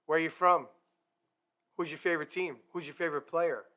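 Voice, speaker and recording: A man's voice: a little high, fairly even intonation, fairly quick, bright, forceful tone. A man hosting a hockey talk live stream, chatty and upbeat, talking straight to his viewers. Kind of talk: casual live-stream chat.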